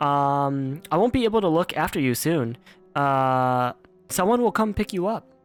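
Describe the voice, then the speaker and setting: A man voicing a weak, dying mother who coughs and speaks slowly and tenderly to her child. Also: fairly high pitch, lively intonation, clear, resonant tone, faint music behind. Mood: tender, mournful. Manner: soft, slow, tender pleading.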